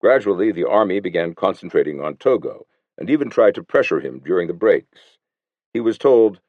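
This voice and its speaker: A man with a very deep voice reads an audiobook in measured scripted narration. His delivery is lively in pitch. The recording is dry and slightly dull. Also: no echo.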